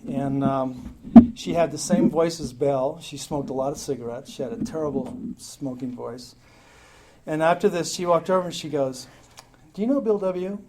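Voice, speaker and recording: A man's voice: mid-range voice, moderate pace, a little mellow, a little hiss or hum, rough recording. A man telling his story at a recovery meeting in a rambling, joking, profane way. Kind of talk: casual storytelling talk. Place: meeting room with a crowd. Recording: live meeting talk with audience laughter.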